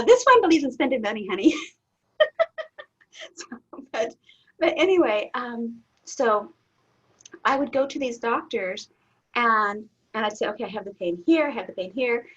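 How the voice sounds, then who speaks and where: A middle-aged woman, a guest in an interview, telling a personal story candidly, laughing often and getting suddenly loud. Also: medium pitch, husky. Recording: dull lo-fi audio.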